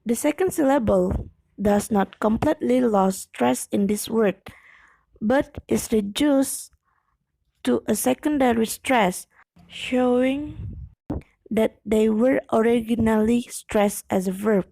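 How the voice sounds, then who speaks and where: A young woman, reading a class presentation aloud with slow, careful delivery and occasional slips. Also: on the high side, vocal fry, warm tone, no room sound, poor audio. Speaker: student presenting an exam video.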